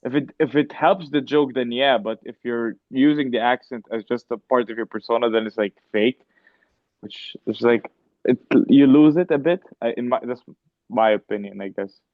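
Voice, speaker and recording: A man's voice: mid-range voice, moderate pace, no echo. A man co-hosting a podcast in casual chat, hedging his opinions and often backchanneling. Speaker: podcast co-host, comedian. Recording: dry, dull lo-fi sound.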